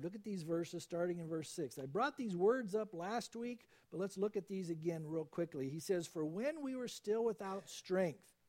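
A man preaching with a lively, swooping delivery that climbs high and drops low, his voice mellow and dark in tone. He quotes scripture and slows right down to stress key points. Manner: animated preaching, quoting scripture, slows for emphasis. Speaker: pastor. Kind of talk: sermon.

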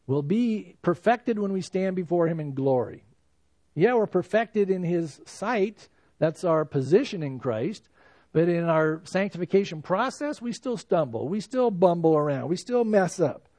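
A man preaching an expository Bible sermon in an animated, conversational way with emphatic rises. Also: sits high, a little slow, no echo. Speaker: pastor.

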